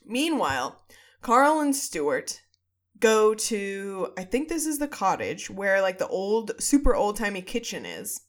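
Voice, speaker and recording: A woman co-hosting a casual chat, retelling a story with lively acted-out quotes and frequent swearing. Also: mid-range voice, a little slow. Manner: animated storytelling, acting out quotes, swears, laughs often. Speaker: podcast co-host. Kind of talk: casual chat retelling a ghost-hunting show.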